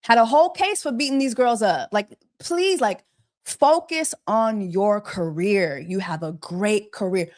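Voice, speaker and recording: With a medium-pitched, darkish voice and an unhurried pace, a woman runs a celebrity gossip livestream. She's casual but exasperated, repeating rhetorical questions rapidly and poking fun through quacking bird jokes.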